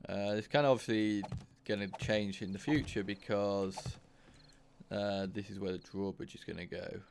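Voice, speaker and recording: A man's voice: fairly low pitch, fairly even intonation, moderate pace, vocal fry, a little hiss or hum. A man hosting his own gaming channel, talking through his play casually, thinking aloud and swearing when frustrated. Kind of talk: casual let's-play commentary.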